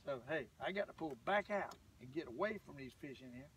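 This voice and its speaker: An older Southern US man with a high voice talks in a folksy, rambling way to his viewers while fishing from a boat. He sits a little away from the mic, and faint outdoor ambience hangs behind him. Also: lively intonation, a little fast, fairly bright tone, distant mic, a little hiss or hum. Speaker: fishing vlogger. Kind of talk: casual fishing vlog talk.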